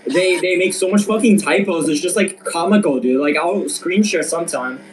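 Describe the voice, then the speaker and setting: A man's voice: a little high, moderate pace, slight background noise, rough recording. A man on a voice call, bantering crudely and mockingly with lots of swearing. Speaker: call guest. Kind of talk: casual chat.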